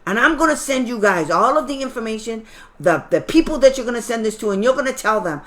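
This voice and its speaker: A woman's voice: on the high side, expressive, quick pace, fairly bright tone. A middle-aged woman advising parents as a special education advocate, blunt, sarcastic and fiery in an informal talk.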